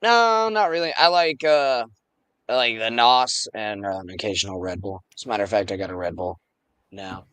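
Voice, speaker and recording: A man's voice: on the low side, moderate pace, fairly bright tone, clear, resonant tone, no room sound. A man chatting casually and laid-back on a podcast, swearing often. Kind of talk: casual chat.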